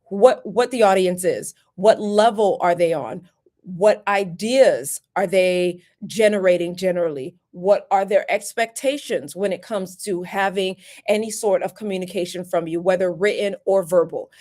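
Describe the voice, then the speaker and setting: A woman's voice: fairly low pitch, normal speed, darkish tone. A woman who works as a workplace lawyer and career coach gives live-streamed career advice in an emphatic, chatty way, repeating key points. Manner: emphatic, repetitive, chatty asides.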